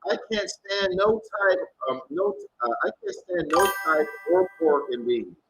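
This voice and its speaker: A man's voice: high voice, lively intonation, a little slow, faint music behind, low-quality recording. A man hosting a tarot reading livestream, chatting casually and rambling, swearing often as he reads out viewers' comments.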